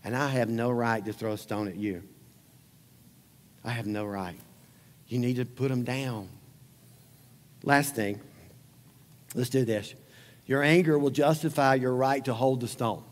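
A man preaching a sermon as pastor, conversational and animated, acting out scenes and closing in prayer. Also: mid-range voice, unhurried, long pauses, big-room sound.

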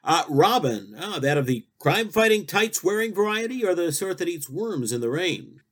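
A male comedy radio host with a raised, lively voice that swings up and down. He rambles through absurd tangents and silly questions, all delivered deadpan. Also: sits high, moderate pace. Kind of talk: spoof talk-show interview.

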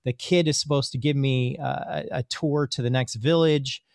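A man speaks as a guest physician, spinning a story with animated energy and frequent repeated starts. His voice sits at a middle pitch. The recording is dry, with no room sound. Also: normal speed, vocal fry, no room sound. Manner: animated storyteller, often repeats words while searching for them. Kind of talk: casual podcast conversation.

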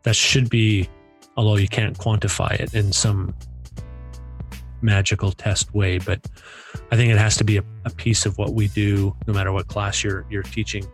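Casual male podcast co-host, low-pitched, easygoing, faint music under. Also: normal speed. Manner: relaxed, agreeable, lots of "yeah" and "that's right".

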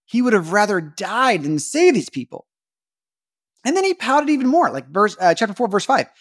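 A man talks through a Bible passage in a relaxed, conversational podcast monologue. His voice sits a little higher than most men's. He leans on "like" and often restarts his sentences. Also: moderate pace, husky. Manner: chatty, frequent "like" fillers and restarts. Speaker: podcast host. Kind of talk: casual Bible-study monologue.

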